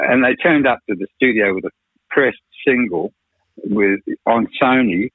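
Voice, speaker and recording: A record producer spins long, frank anecdotes in a radio chat, leaning on "you know". His voice sits low with a husky grain. It comes through dry and tinny, like a phone line. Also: lively intonation, normal speed, no room sound. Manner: rambling, frank, peppered with "you know" and swearing. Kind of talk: radio interview storytelling.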